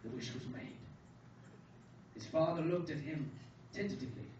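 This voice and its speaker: Deadpan young man reading in a café. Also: fairly high pitch, moderate pace. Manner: deadpan, dryly absurd delivery. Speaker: student reader. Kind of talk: reading his own comic short story at an open mic. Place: coffee house. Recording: echoey room from far off, dull and noisy. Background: café room ambience.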